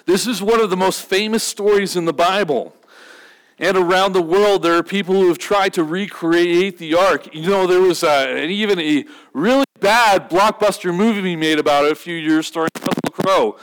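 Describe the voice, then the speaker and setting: A high-voiced male pastor gives a sermon in a loose, chatty style. He jokes with the congregation and keeps asking rhetorical questions. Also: moderate pace, poor audio. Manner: conversational, humorous, rhetorical questions.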